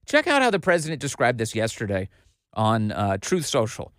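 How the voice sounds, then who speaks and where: A man in his forties hosting a political commentary show in a studio, talking in an animated, emphatic way straight to the listener. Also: mid-range voice, moderate pace, no room sound. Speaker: host.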